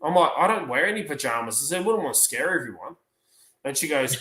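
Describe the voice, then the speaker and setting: A man's voice: fairly high pitch, fairly quick, reverberant, low-quality recording. A man co-hosting a livestream, telling funny work stories in casual chat and swearing freely. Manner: swears freely, animated retelling. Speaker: livestream co-host.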